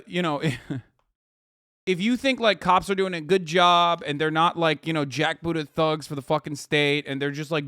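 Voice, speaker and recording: Male streamer, profane, mocking, higher-pitched, dry close mic. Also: fairly bright tone, smooth, dry recording. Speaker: streamer reacting to a video. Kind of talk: casual commentary.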